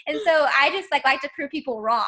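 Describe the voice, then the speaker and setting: A woman's voice: high-pitched, animated, fast talker, sharp tone. A woman team leader in casual motivational chat, emphatic and full of "like". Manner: emphatic, peppered with "like". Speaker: network marketing team leader.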